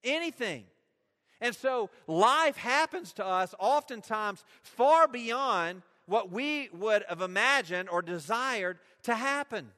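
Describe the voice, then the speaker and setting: A man's voice: sits high, expressive, takes it slowly, sharp tone. A man preaching a sermon with emphasis, often asking his listeners questions. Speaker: pastor. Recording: long hall reverb.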